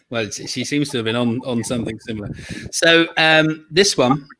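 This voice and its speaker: A man's voice: on the high side, pushed and bright. Chatty man hosting a quiz. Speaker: quiz host. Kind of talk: casual online quiz hosting.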